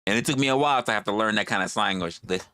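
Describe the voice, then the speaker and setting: A man's voice: on the low side, rapid-fire, sharp tone, dry recording, clean studio sound. A man hosting a livestream, talking casually in a rambling, profane way and repeating his phrases. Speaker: livestream host.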